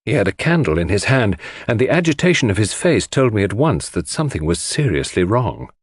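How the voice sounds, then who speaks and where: A man reading a classic mystery aloud in measured, expressive narration. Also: on the low side, husky, no room sound, clean studio sound. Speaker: audiobook narrator.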